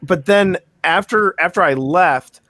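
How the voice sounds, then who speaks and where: Bright-voiced man rambling through a story. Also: sits high, a little slow. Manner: rambling storyteller, restarts, mimics accents. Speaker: podcast co-host. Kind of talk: casual chat.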